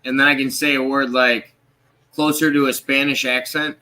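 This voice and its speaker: A man's voice: medium pitch, level tone, moderate pace, pushed and bright. A man co-hosting a casual live-stream chat in an easygoing, curious way. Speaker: co-host.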